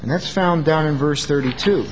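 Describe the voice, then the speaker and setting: A man's voice: on the high side, normal speed, big-room sound, a little hiss or hum, rough recording. A man preaching an earnest sermon, acting out quoted lines as he goes.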